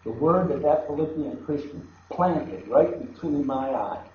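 A man preaching a sermon, emphatic and repetitive, dropping to a hush and then rising loud. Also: on the high side, lively intonation, measured pace. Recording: echoey, dull hall recording.

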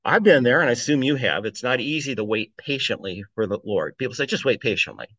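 A man's voice: medium pitch, lively intonation, fairly quick, a bit bright, no room sound, dull audio. A man giving a conversational sermon, reading scripture aloud and chuckling between points. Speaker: preacher. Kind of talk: informal sermon on a psalm.

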